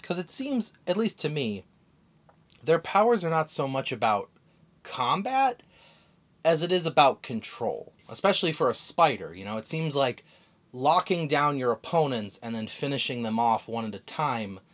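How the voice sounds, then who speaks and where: Casual male recap host, lively pitch, rambling and self-correcting. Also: normal speed. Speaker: comic chapter recap host.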